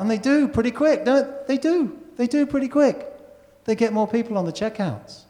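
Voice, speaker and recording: Male preacher, conversational sermon, mellow tone, reverberant church hall. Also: high voice, big pitch swings, fairly quick. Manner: conversational, asks the congregation questions. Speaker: pastor.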